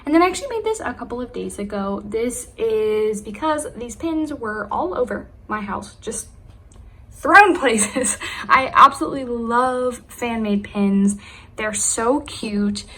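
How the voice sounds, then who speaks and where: A woman's voice: a little high, animated, a little slow, a bit bright. Bubbly young woman gushing at home. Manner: bubbly, gushing, laughs often. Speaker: vlogger showing her collection. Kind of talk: casual room tour vlog. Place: at home, in her room.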